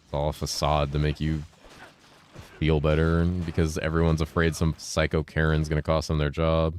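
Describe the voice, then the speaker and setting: A man's voice: very deep voice, monotone, moderate pace, darkish tone, a little hiss or hum. A man in his thirties, a streamer chatting casually and swearing freely as he answers chat, speaking in a carefully enunciated voice with a lifted inflection. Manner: laid-back, profane, reads and answers chat while playing. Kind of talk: casual gaming livestream chat.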